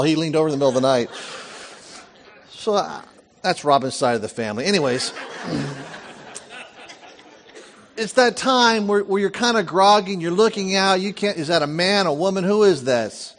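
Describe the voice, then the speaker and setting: A middle-aged man preaching a sermon, reading scripture aloud and breaking off into lively asides and family stories. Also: fairly high pitch, moderate pace, pauses often. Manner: animated storytelling, reads scripture with lively asides. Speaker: pastor.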